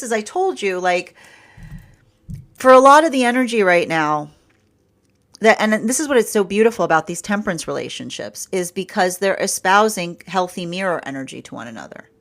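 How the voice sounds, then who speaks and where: A woman's voice: mid-range voice, fairly bright tone. A woman giving a casual tarot and astrology reading, rambling with frequent laughs and restarts. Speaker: tarot reader.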